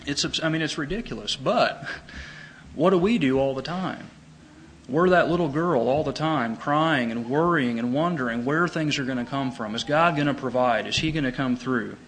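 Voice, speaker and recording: Earnest bright-voiced male preacher. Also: moderate pace, a little hiss or hum, low-quality recording. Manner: earnest, emphatic, rises in pitch on key points. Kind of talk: sermon.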